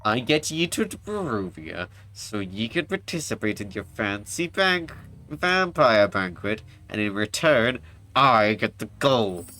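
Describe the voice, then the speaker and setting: A man's voice: fairly low pitch, sing-song, a little slow, bright, forceful tone, full character voice. A man voicing a boastful male dwarf miner in a video game, telling his tale heartily in a put-on folksy voice that says "me" and "ye". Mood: matter-of-fact.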